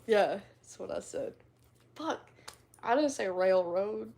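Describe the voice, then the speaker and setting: Her mid-range voice is gravelly and darkish, slow and full of pauses. She's a streamer from the American Midwest with a slight twang, casually chatting through comments in a giggly, playful way that pokes fun at herself.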